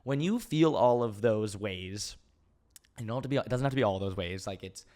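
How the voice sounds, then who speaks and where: A young man in his twenties chats casually into a podcast mic and answers listener questions. His voice sits low. He rambles, trips over his words and restarts often, and he speaks openly about his emotions. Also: animated, moderate pace, darkish tone. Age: 20s. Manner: rambling, lots of fillers and restarts; open and emotional, laughs easily. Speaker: podcast host.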